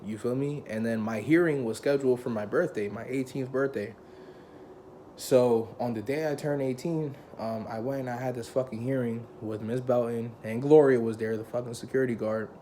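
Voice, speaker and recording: A man's voice: mid-range voice, normal speed, slight background noise. A young adult man telling a personal story in casual, slangy talk, swearing often and acting out the people he quotes. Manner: heavy profanity, slangy, loose and conversational; animated, acts out quoted people.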